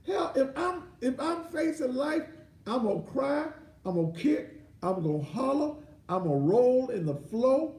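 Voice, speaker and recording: A man's voice: very high-pitched, very animated, a little slow, a little mellow. A man hosting a commentary show and ranting in a blunt, crude, indignant manner. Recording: echoey room, voice off-mic.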